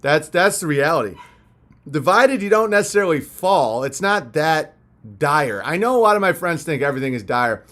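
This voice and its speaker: Male streamer, slightly high voice, crude jokey rambling, tired after hours on air. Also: lively intonation, moderate pace, fairly bright tone. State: a little punch-drunk after hours of talking. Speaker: live-stream host. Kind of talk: casual live-stream chat, reading viewer messages.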